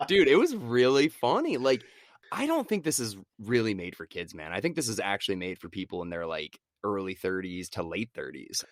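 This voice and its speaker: Podcast co-host, male, low and very expressive, chatty and laughing; dry close recording. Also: no echo. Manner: animated, laughing, quick asides and quoted voices. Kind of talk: casual movie-review chat.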